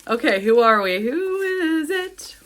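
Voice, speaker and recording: A woman's voice: sits high, slow pace. Giggly, gushing woman book vlogger. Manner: giggly and gushing, squeals with excitement. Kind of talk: casual vlog chat.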